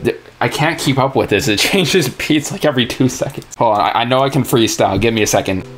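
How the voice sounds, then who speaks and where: Sarcastic young man over loud music. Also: mid-range voice, quick pace. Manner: joking, sarcastic, laughs often. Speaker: music reaction YouTuber. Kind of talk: casual reaction commentary. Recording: music playing loudly under the voice. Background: his own music playing.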